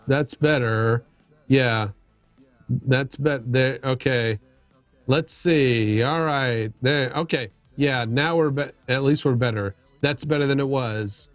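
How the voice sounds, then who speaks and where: A man's voice: medium pitch, no room sound. A middle-aged man hosting a casual livestream chat, rambling and poking fun at himself, with lots of restarts. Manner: rambling, self-deprecating, many restarts. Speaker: livestream host.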